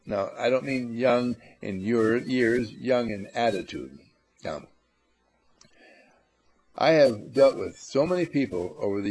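A man giving a spiritual lecture to a live audience, animated and teasing, acting out little scenes as he goes. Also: medium pitch. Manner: animated, acts out little scenes in funny voices; coaxes and teases the audience. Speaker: motivational speaker.

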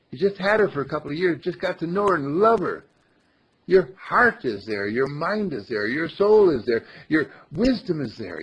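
The dull lo-fi audio catches a man with a slightly high, husky, gravelly voice teaching a small group on spiritual matters. He talks slowly and with emphasis, circling back over phrases as if chanting.

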